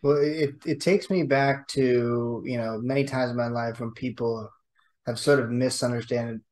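A man co-hosting a podcast in casual chat, animated and acting out examples as he talks. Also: medium pitch, normal speed. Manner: animated storyteller, acts out examples.

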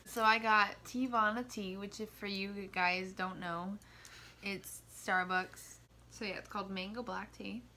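A woman's voice: mid-range voice, steady tone, measured pace, pushed and bright. A woman in her twenties, chatty and giggly, talking to viewers in a casual travel vlog. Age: 20s. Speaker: vlogger. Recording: noisy handheld recording with ambience.

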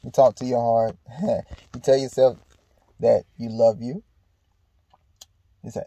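Male vlog host, gravelly and dark in tone, casual and profane, thinking aloud outdoors. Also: medium pitch, normal speed, pauses often, dry recording, poor audio. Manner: laid-back, candid, swears freely, rambling restarts. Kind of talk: casual reflective monologue. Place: outdoors in a park.

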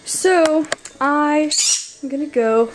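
A teenage girl in her bedroom, chatting to her camera in a rambling, excitable vlog while out of breath. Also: sits high, slow pace, background noise. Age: teens. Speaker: vlogger. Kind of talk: casual vlog chat.

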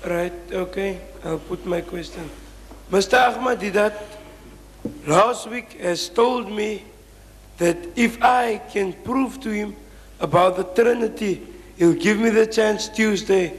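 Man in the crowd, high voice, pushy, echoey hall. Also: takes it slowly. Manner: pushy, keeps trying to speak. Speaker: audience questioner. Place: lecture hall.

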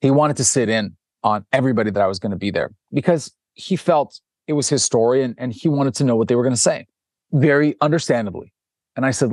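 Give me a lively male director recounting a story, dry studio sound. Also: medium pitch, quick pace, dry recording. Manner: animated, acts out quoted dialogue, frequent restarts. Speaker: documentary director, guest. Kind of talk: casual interview storytelling.

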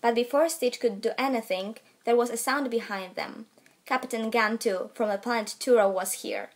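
A teenage girl narrating a storybook in a steady, careful read. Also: a little high, normal speed. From Poland. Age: late teens. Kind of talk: student audiobook narration.

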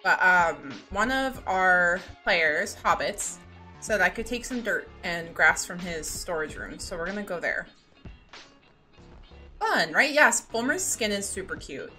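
A young woman streaming a block-building game, chatting casually and greeting her viewers excitedly. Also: lowish voice, unhurried. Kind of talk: casual live-stream chat. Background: faint background music.

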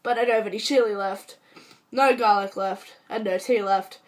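A young woman sick with a cold, talking to camera at home in a chatty, self-mocking and dramatic way, her voice hoarse. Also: mid-range voice, fairly even intonation, normal speed. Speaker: vlogger. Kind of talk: casual chat to camera.

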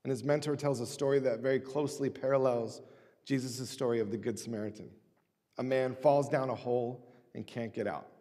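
Mellow-voiced man preaching in a reverberant church. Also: mid-range voice, fairly even intonation. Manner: measured, reads scripture aloud deliberately. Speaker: pastor. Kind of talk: sermon. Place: church sanctuary. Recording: long church-hall reverb.

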